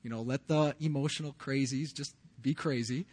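A pastor in his forties preaches with a medium-pitched, slightly mellow voice, fairly even intonation and a moderate pace. His sermon shares personal testimony in a conversational way, with casual slang and frequent restarts.

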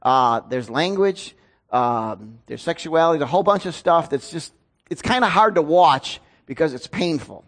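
A man's voice: a little high, lively intonation, normal speed, a bit bright. A man, a pastor preaching a sermon in an earnest, storytelling way. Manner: earnest, storytelling with rising emotion.

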